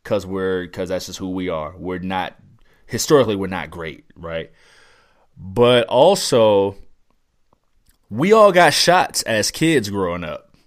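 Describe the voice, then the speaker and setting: A man co-hosting a podcast in casual chat, ranting in a profane, excitable way. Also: deep voice, slow. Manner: profane, excitable, riffing rants. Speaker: podcast co-host.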